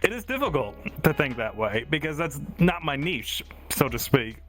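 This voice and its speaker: A man's voice: on the high side, very animated, normal speed, faint music behind. A man with a Southern US accent co-hosting a podcast, thinking aloud in a casual, reflective way. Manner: reflective, thinking out loud with fillers. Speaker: podcast co-host.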